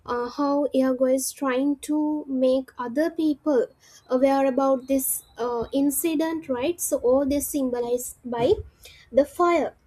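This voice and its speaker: Slow, high-voiced woman teaching literature. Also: steady tone, dark tone, low-quality recording. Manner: explains step by step, checks in with "right?" and "okay?"; frequent "uh" hesitations. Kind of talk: explanatory lesson.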